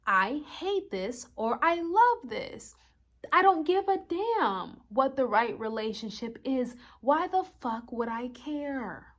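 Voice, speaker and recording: A woman voicing a brash, hot-headed embodiment of war energy, loud and dismissive, swearing freely. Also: high-pitched, lively intonation, slow, exaggerated voice. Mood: defiant.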